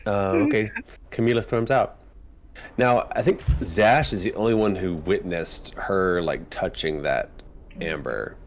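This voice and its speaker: A man's voice: low-pitched, unhurried, a little hiss or hum. A man running a tabletop game as game master, narrating casually with fillers and easy laughs. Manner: laughs easily, hesitant fillers.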